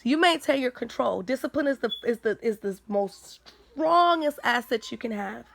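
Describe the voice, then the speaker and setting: A woman's voice: fairly high pitch, expressive, moderate pace, gravelly, fairly bright tone, no room sound. A woman giving a casual spoken faith testimony on her livestream, earnest and repeating her points for emphasis.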